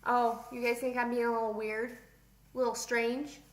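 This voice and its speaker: A woman's voice: a little high, normal speed, roomy sound, rough recording. A young adult woman teaching a vocabulary lesson, playfully addressing an imagined class of students. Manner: playful, animated, talks to pretend students.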